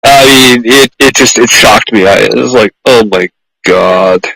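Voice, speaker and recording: Male podcast host, mid-pitched voice, dry close sound, effusive, stop-start phrasing. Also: gravelly, bright, forceful tone, breathy edge, no echo, poor audio. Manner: effusive, halting, repeats words. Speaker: podcast host, pet groomer. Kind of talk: conversational interview.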